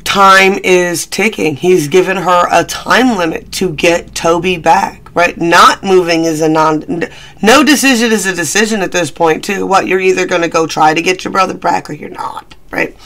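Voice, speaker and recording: Brief: a bright-voiced man doing a rambling, chatty tarot reading. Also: high-pitched, normal speed. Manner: chatty, rambling, self-deprecating. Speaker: tarot reader.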